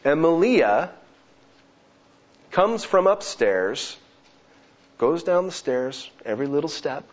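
A man in his thirties preaching a sermon, earnest and with lively asides. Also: fairly high pitch, takes it slowly. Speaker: pastor. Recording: slightly dull lo-fi sound.

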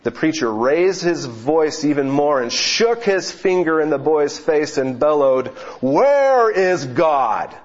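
A man's voice: a little high, measured pace, hardly any pauses. A man preaching a sermon, telling a joke as a story before turning to scripture, with occasional self-corrections. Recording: dull, lo-fi recording.

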